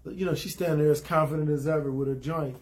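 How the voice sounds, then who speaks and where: A man with a slightly higher voice talks through a recap in a loose, rambling way, full of fillers and restarts. He stays casual and blunt, slipping into short acted-out lines for the characters. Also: steady tone, a little mellow, a little hiss or hum. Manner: acts out characters' lines in quick asides; blunt, opinionated asides. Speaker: TV episode recapper.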